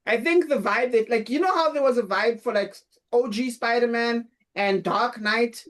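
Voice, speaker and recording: A woman co-hosting a casual movie podcast, talking in an animated, frank way. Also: on the high side, moderate pace. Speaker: podcast co-host.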